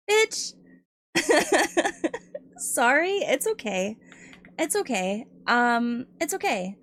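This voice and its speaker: A woman's voice: on the high side, no room sound. A woman streamer chatting casually with her viewers, giggling often and hesitating with lots of ums. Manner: giggly, laughs often between phrases; hesitant, many ums and restarts, admits nervousness.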